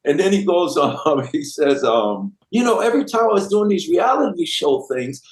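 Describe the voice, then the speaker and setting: A man's voice: sits high, sing-song, moderate pace. A man in his fifties, a guest rapper, telling a story with lots of slang and acting out the voices of the people he quotes. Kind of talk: animated storytelling anecdote. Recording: roomy echoey sound.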